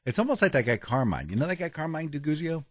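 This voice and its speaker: A man's voice: a little high, big pitch swings, quick pace, no echo, clean studio sound. A man co-hosting a casual podcast, rambling and cutting himself off as he reads a sponsor spot. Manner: rambling, self-interrupting. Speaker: podcast co-host. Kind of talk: casual podcast chat with a read ad.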